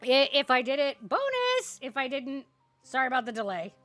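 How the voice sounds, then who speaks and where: A woman streamer chats casually with her audience in a high, bright voice. She is bubbly and giggly and pokes fun at herself. Faint music plays behind her headset mic. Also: big pitch swings, moderate pace. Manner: bubbly and giggly, self-deprecating. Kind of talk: casual live-stream chat.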